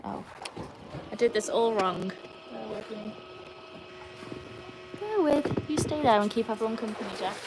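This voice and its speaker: An Englishwoman in easy conversation on a live stream, recorded outside in the shade of a yard. Her voice sits at an ordinary middle pitch, and she breaks into high, excited calls whenever she turns to her dogs. There is a faint wash of outdoor sound behind her. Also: brisk, noisy background. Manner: chatty, jumps to high excited tones when calling to her dogs. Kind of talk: casual live-stream chat.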